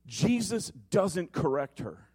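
A man preaching an Easter sermon as the pastor, talking with strong emphasis and swinging from loud to hushed. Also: high voice, big pitch swings, slow, breathy edge.

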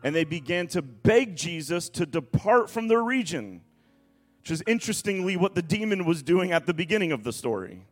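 Male pastor, slightly high voice, dramatic scripture reading with asides. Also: sing-song, moderate pace, soft background music.

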